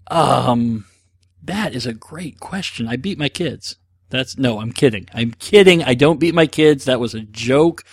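A man talks casually in a rambling, self-mocking way, dropping frequent fillers as he answers listener questions. His voice sits at an ordinary middle pitch. The sound is dry and close, with no room around it. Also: animated, measured pace, breathy edge, dry recording. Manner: rambling, self-deprecating, jokey, with many fillers. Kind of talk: casual solo talk.

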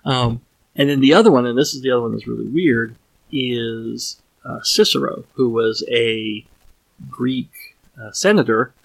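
A man's voice: medium pitch, fairly even intonation, unhurried, gravelly, dry recording, rough recording. A man hosting a solo podcast, thinking aloud in a casual, rambling way with frequent restarts and trailing sentences.

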